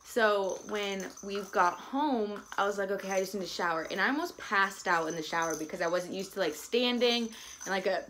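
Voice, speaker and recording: A woman's voice: mid-range voice, normal speed, fairly bright tone, slight background noise. A young woman telling a casual, chatty story in a vlog, with lots of "like"s and bits of baby talk. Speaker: vlogger and new mother.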